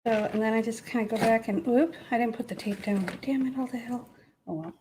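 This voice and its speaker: A woman's voice: a little high, a little fast, noisy background. A woman hosting a live painting demo, chatty and laughing easily as she works. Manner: chatty, laughs often, self-teasing. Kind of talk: casual live-stream demo chat.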